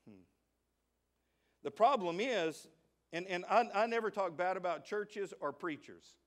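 High-pitched and a little slow, a Southern US pastor preaches with energy. He lowers his voice for jokes and quiet asides, then lifts it into shouted praise.

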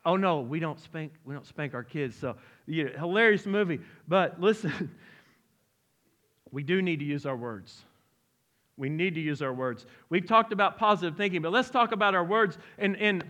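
A middle-aged man preaching a sermon in a church, lively and conversational, joking and asking the congregation direct questions. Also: a little high, moderate pace. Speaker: pastor. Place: church sanctuary.

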